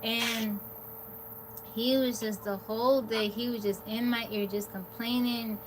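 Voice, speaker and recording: A woman's voice: a little high, steady tone, measured pace. A woman hosting a livestream, casually telling a personal story in a rambling, candid way and quoting what people said. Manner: candid, rambling, quotes herself and others. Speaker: livestream host. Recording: noisy background.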